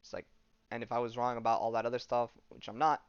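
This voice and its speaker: A man's voice: medium pitch, little pitch movement, fast talker, clean tone, dry recording, lo-fi sound. A male podcast host casually retelling a comic story, reading the dialogue aloud with lots of fillers and swearing.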